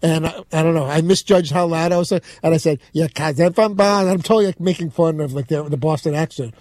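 A man's voice: fairly high pitch, fast, a little mellow, no room sound. A man with a New York accent telling a long story as a show regular, rambling and breaking off his sentences. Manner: rambling, self-interrupting storyteller. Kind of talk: casual studio chat.

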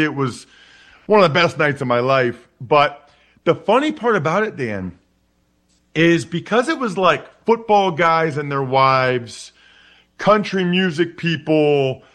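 A man's voice: on the high side, a bit bright. A man in his forties from Pennsylvania, a former football player telling rambling anecdotes in a casual interview, often restarting and repeating words. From Wyomissing, Pennsylvania, USA. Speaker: guest, former NFL player.

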